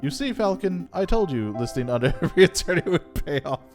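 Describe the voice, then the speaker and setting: A man's voice: on the high side, very animated, a little fast, over music, pitched above the performer's own voice. A man voicing an eager, cheeky young male sparrow assistant in a game, perky and raised. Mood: smug.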